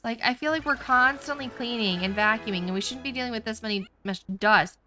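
A woman's voice: a little high, a little fast, sharp tone, slight background noise. A woman hosting a casual let's play, chatty, jokey and exclamatory as she comments on her game. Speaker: gaming channel host.

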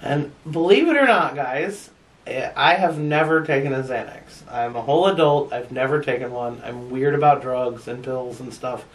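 A woman's voice: rumbling low, normal speed, distant mic. A woman vlogger telling a personal story in a frank, chatty way, laughing often and swearing bluntly. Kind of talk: casual storytelling to camera.

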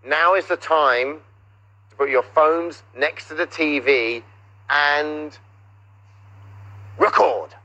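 A man's voice: on the high side, slow, long pauses, pushed and bright, highs cut off. A man hosting a TV show, teasing his guest in a theatrical, playful way. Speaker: TV host. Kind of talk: playful studio presenting.

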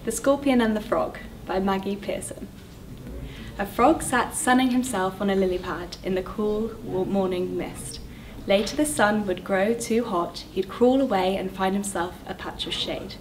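A woman's voice: moderate pace, far from the mic, slight background noise. A woman on school staff reading a children's fable aloud, lifting her voice for the characters. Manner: voices characters with lively pitch jumps. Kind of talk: storybook read-aloud.

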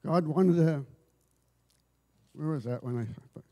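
A man giving an informal church sermon, telling stories in a halting way, often repeating and restarting his words. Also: on the high side, muffled recording. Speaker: lay preacher. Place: church service.

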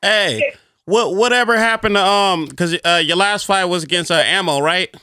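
A man co-hosting a podcast, asking questions in a halting, casual way. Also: high-pitched, sharp tone, smooth, dry recording. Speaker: podcast co-host. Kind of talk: casual chat.

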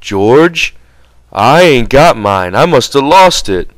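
A man doing Lennie, a slow, childlike big man. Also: mid-range voice, big pitch swings, dry recording, pitched above the performer's own voice, rough recording. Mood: worried. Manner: slow, hesitant, plaintive pleading.

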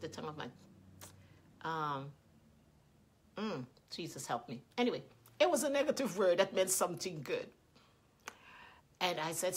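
A middle-aged woman minister preaching a sermon, telling stories earnestly and breaking into loud outbursts. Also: mid-range voice, slightly rough. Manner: earnest, animated storytelling with sudden loud outbursts.

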